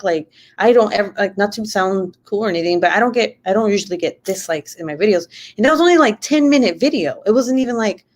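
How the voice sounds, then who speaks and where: A young woman YouTuber chatting casually and rambling while she crafts, swearing freely. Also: medium pitch. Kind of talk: casual late-night craft livestream chat.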